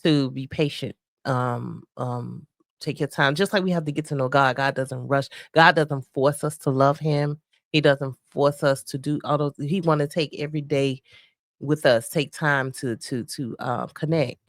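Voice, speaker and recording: A woman co-hosting a faith-based marriage podcast, talking softly and reflectively with many pauses and fillers. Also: a bass voice, fairly even intonation, no room sound, clean studio sound. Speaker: podcast co-host. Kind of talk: casual faith-based chat about marriage.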